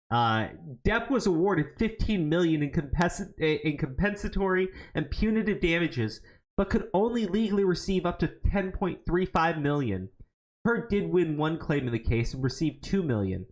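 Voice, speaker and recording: A man's voice: fairly high pitch, moderate pace. A man riffing on a livestream, his voice rising and falling in wide swings. He stammers through restarts and swears freely as he reacts. It sounds like a desk mic on a stream. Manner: animated, profane, stammering restarts. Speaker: podcast co-host. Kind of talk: casual livestream commentary.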